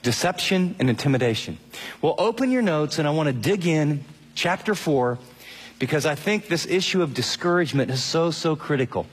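A middle-aged male pastor preaching an animated sermon, acting out quotes in shifting voices. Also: a little high, moderate pace, slightly rough, big-room sound. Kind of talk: radio sermon.

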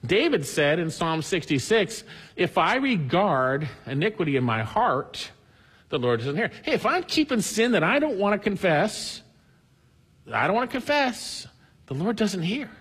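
A man's voice: sits high, sing-song, measured pace, fairly bright tone, slightly rough, long reverb tail. A man preaching a sermon, earnestly reading scripture aloud with emphasis. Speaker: pastor.

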